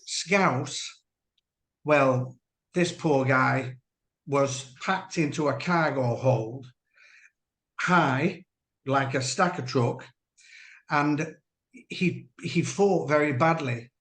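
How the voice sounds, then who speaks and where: A former dolphin trainer, interviewed as a guest, gives earnest personal testimony in a measured, halting way with restarts. His medium-pitched voice is a bit bright, and the room echoes.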